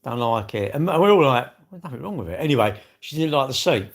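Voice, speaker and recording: A man's voice: a little high, very animated, quick pace, breathy edge. Rambling, jokey man on a livestream. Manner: rambling, jokey and self-mocking, with asides to viewers. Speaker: livestream host. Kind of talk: casual live-stream chat.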